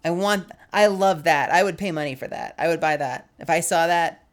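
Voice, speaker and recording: A woman's voice: fairly low pitch, moderate pace. A young woman streaming live while sick and coughing, chatting casually and greeting viewers by name with frequent laughter.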